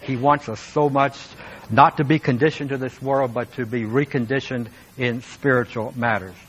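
A man's voice: mid-range voice, fairly even intonation, normal speed, a bit bright, slight background noise, low-quality recording. A man preaching a sermon as pastor, speaking earnestly and with emphasis, and turning now and then to talk straight to his listeners.

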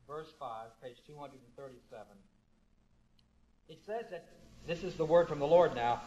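Male pastor mid-sermon, higher-pitched, punchy emphasis, questions to the congregation; captured in dull, lo-fi sound. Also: normal speed, long pauses, dark tone.

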